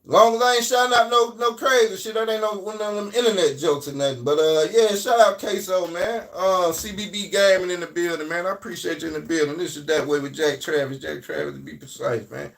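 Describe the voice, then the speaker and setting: A man with a Southern US accent hosting a casual livestream, talking in a loose, rambling way that swings between loud and quiet. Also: high-pitched, fairly even intonation, a little fast, vocal fry, hardly any pauses, far from the mic. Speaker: livestream host.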